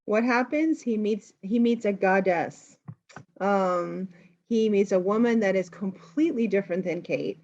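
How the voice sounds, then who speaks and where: An American woman teaching English, retelling a film plot in a lively, explaining way for learners. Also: medium pitch, measured pace, dull audio. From United States.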